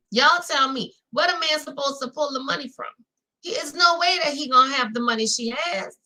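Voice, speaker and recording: A woman's voice: sits high, a little fast, pushed and bright. A woman with a Louisiana accent hosting a casual recap chat, talking straight to her viewers. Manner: chatty, talks straight to viewers with "y'all". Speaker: host.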